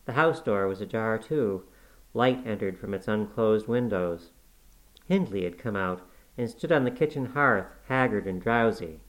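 A man reading a classic novel aloud as scripted narration, measured and even. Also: lowish voice, low-quality recording. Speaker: audiobook reader.

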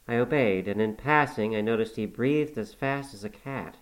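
A man narrating a classic novel aloud in a measured, unhurried storytelling manner. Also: mid-range voice, low-quality recording. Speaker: audiobook narrator.

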